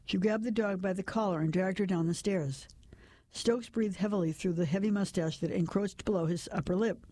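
Mellow woman reading a story aloud. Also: mid-range voice, brisk, no echo. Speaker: narrator. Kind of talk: first-person storybook narration.

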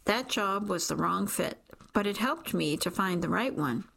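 A woman reading the lines of an earnest, gently teasing young man in an audiobook, keeping close to her own voice. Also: medium pitch, expressive, a little slow, vocal fry, breathy edge, heavily acted. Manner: soft, warm, lightly teasing. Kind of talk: audiobook character voice.

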